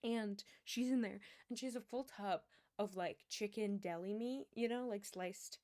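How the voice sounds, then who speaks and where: A woman's voice: medium pitch, normal speed, mellow, dry recording, studio quality. Chatty young woman streamer. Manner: chatty storytelling, laughs often, mutters while playing. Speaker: livestreamer. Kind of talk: casual chat while gaming.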